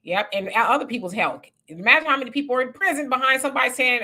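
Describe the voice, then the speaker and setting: A woman hosting a casual livestream, reading viewer comments and chatting with animated, laughing asides. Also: high-pitched, very fast, hardly any pauses. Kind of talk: casual live chat.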